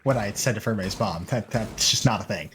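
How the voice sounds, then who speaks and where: A man casting an esports match, mixing rambling jokey banter with fast play-by-play calls. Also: fairly low pitch, a bit bright, a little hiss or hum. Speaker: esports caster.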